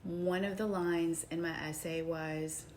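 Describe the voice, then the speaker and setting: A woman telling a personal story to her viewers in a casual, animated way, calling them y'all and swinging from hushed retellings to excited outbursts. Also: lowish voice, a little slow, a little hiss or hum. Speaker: vlogger.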